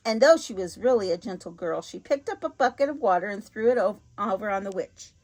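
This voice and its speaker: A woman reading a children's storybook aloud in a clear, expressive way. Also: mid-range voice, fairly quick.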